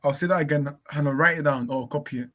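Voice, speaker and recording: A man co-hosting a live stream in casual talk, calling out to a missing co-host and spelling out a link slowly. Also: fairly high pitch, a bit bright. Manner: calls out repeatedly, spells slowly. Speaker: livestream co-host.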